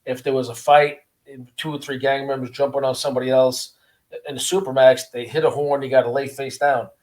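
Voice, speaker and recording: A man, a former prisoner, telling his story in a casual interview with an earnest, halting manner, often repeating words. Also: mid-range voice, level tone, a little mellow. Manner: earnest, repeats words, acts out guards' voices.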